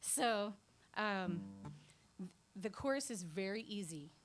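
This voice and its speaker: A woman's voice: mid-range voice, animated, slow, over loud music. A woman singer-songwriter chatting between songs at a small live venue, giggly and rambling. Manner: giggly, rambling, self-deprecating. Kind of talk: chatty song introduction on stage.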